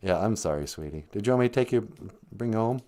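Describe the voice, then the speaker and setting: A man voicing a low, easygoing man on a call in a comedy sketch, apologetic and gentle, calling her sweetie. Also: animated, fast talker, natural voice.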